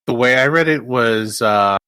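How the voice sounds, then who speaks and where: A man chats on a podcast in a loose, rambling way, with swearing, fillers and bursts of excitement. His voice sits in a middle range and is recorded close and dry. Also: medium pitch, measured pace, clean tone, dry recording. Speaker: podcast co-host. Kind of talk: casual chat about a film.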